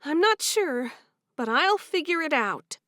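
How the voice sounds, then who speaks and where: In a dry, studio-quality recording, a woman performs a full character voice pitched above her own for an audiobook, playing an anxious, caring young Amish woman. The voice is high, bright, and forceful, with big pitch swings and a slightly slow pace, and the mood is worried.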